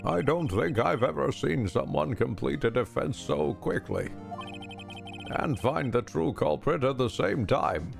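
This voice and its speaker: A man voicing an elderly, fussy and formal judge, reading the lines aloud slowly. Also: medium pitch, animated, over music. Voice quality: gravelly. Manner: slow, stately court pronouncements. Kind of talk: reading game dialogue aloud.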